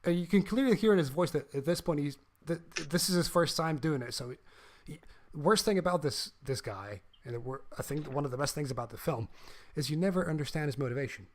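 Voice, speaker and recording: A man co-hosting a casual podcast with a fairly high voice, talking through a film in an animated way. He swears freely and acts out snippets of dialogue. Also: brisk. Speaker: podcast co-host.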